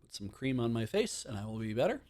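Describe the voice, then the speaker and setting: Guy hosting a stream, rambly and animated, mid-pitched voice, acts out little quotes. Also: fast talker. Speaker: stream host. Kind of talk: casual live-stream chat.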